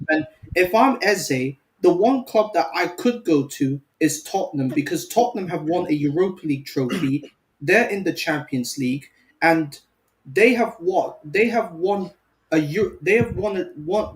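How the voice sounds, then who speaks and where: Higher-voiced man ranting provocatively. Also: moderate pace, rough recording. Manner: teasing, contrarian rant. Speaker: guest fan. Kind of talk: casual chat.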